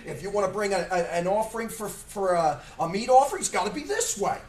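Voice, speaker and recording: A man pastor preaching a sermon, emphatic and full of rhetorical questions, at times shouting. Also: high voice, lively intonation, quick pace, a little hiss or hum. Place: church sanctuary. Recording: echoey church room from far off.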